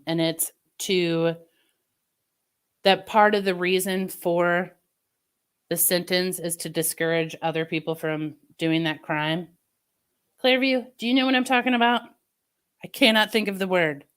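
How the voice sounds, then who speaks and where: A woman's voice: lowish voice, steady tone, takes it slowly, long pauses, fairly bright tone, clean tone. A woman livestreamer in casual chat with her viewers, venting opinions in a chatty way. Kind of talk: casual live-stream chat.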